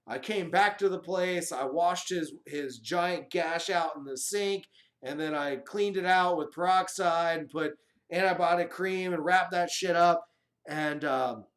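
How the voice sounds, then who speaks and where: A man's voice: fairly high pitch, a bit bright. A man hosting a casual live chat, telling a rambling, profane story and acting out what people said. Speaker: live stream host. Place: home, live stream.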